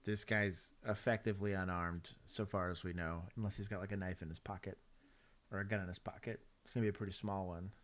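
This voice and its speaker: A man's voice: low voice, fairly even intonation, fast. A man from Texas, a former police officer, hosting a casual livestream and wryly grading police footage.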